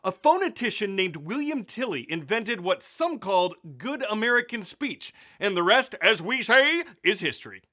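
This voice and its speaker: A man hosting a news show, reading scripted narration in a crisp, measured delivery. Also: high-pitched, big pitch swings, pushed and bright.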